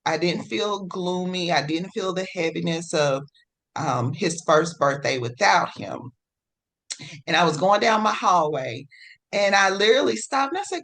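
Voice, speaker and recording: Expressive woman telling a personal story. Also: fairly low pitch, unhurried. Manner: expressive, swings between hushed and excited; acts out her own past words when retelling. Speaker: podcast guest. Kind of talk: personal storytelling in a podcast interview.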